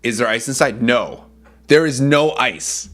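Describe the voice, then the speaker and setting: A man's voice: mid-range voice, a little slow, fairly bright tone. A man streaming casually, talking enthusiastically about food and greeting his chat. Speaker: VTuber streamer.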